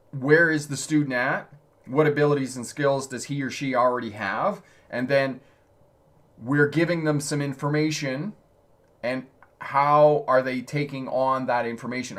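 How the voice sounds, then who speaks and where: A man's voice: medium pitch, fairly bright tone. A male driving instructor answering viewer questions on a live stream, talking in a conversational way and laughing often.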